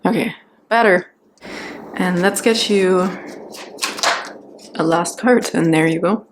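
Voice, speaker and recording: A woman giving a pick-a-card tarot reading, talking gently and reassuringly as she muses on each card and keeps checking in with "okay?" and "right?". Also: lowish voice, takes it slowly, a little hiss or hum. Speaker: tarot reader.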